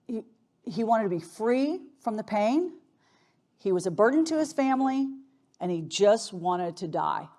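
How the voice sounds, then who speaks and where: A woman's voice: mid-range voice, dark tone. A middle-aged woman attorney giving an earnest conference talk, telling a story and shifting her pace and volume for emphasis. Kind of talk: emotional keynote storytelling.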